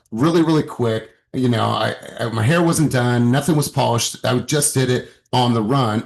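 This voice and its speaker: A man leading a motivational sales coaching session over a video call, emphatic and exhorting, with occasional swearing. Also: medium pitch.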